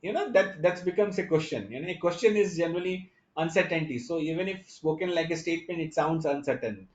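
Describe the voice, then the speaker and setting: In echoey, lo-fi online talk audio, a man gives a conference lecture, walking the audience through his points step by step and speaking to them directly. His voice sits on the high side and is a little mellow, and his delivery is halting, full of fillers and restarts.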